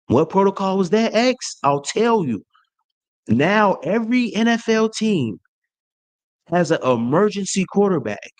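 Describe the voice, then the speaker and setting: A man hosting his own sports channel, trash-talking a rival team in an animated rant full of slang and restarts. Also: high-pitched, a little slow. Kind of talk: fan rant to camera.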